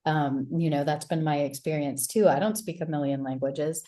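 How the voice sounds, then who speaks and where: A woman's voice: sits low, steady tone, normal speed, warm tone. A woman hosting an interview, asking encouraging questions in a rambling, casual way. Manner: rambling, many fillers and restarts, encouraging questions. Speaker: interviewer and retreat host.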